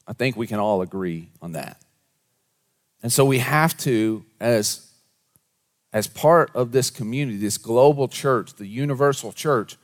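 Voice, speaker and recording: Here a man, a pastor, gives a sermon before a congregation. He moves back and forth between hushed asides in a low voice and animated storytelling at a higher volume.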